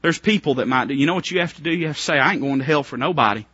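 A man preaching a fervent revival sermon, dropping to a hush and then rising to near shouts, with many rhetorical questions. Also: a little high, very fast, husky, no room sound, dull audio.

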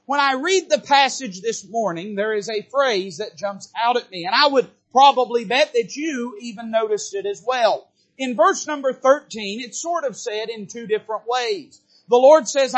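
A man preaching a sermon, reading scripture slowly and then praying and preaching. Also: extremely high pitch, fairly bright tone. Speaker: pastor.

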